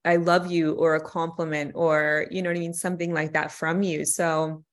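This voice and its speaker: A woman's voice: low-pitched, level tone, normal speed. Earnest, rambling woman podcast guest. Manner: earnest, rambling, many restarts and laughs. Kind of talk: casual chat.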